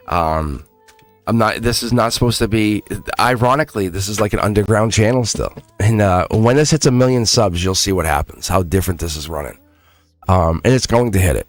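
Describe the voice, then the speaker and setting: A man's voice: on the low side, dry recording. A man hosting a live tarot reading stream, telling rambling stories and coaxing viewers in a casual, earnest way. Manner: rambling, animated storytelling with many restarts. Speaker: schoolteacher.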